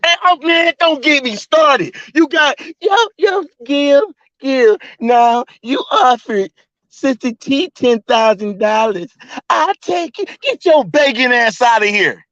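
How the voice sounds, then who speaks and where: Here a livestream host fires off a mocking, profane rant at a fast clip and with heated energy. The voice is extremely high, expressive, and fairly bright, with no room sound, though the stream audio comes across dull and lo-fi.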